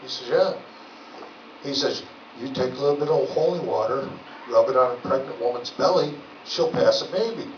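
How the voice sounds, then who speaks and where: A man's voice: mid-range voice, normal speed. A man doing stand-up, telling rambling folksy stories with lots of filler words in a legion hall. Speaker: stand-up comedian. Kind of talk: stand-up storytelling. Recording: roomy, distant, dull lo-fi with noise.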